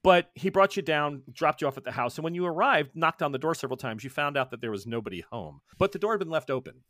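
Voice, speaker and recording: A man's voice: fairly high pitch, animated, fast, a bit bright, no echo, studio quality. A man from the northeastern United States running a tabletop horror game as game master, rambling and playful, with many fillers and restarts.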